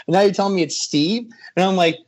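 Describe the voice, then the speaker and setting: A man's voice: sits high, fast, a little mellow. A young man co-hosting a podcast movie review, blunt and profane, often restarting his sentences. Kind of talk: casual chat.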